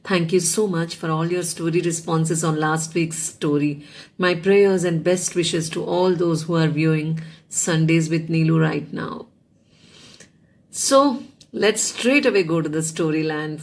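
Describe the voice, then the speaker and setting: A woman's voice: sits low, a little slow. A woman hosting a weekly storytelling show, telling a children's fable with lots of casual fillers. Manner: chatty, many fillers like "you know" and "yeah". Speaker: storyteller host.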